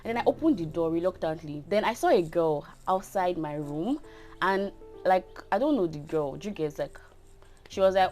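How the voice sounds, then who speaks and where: A woman's voice: lowish voice, animated, normal speed, darkish tone, faint music behind. Chatty young Nigerian woman telling a story. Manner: chatty, often asks "do you get?". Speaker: vlogger. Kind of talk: casual storytime.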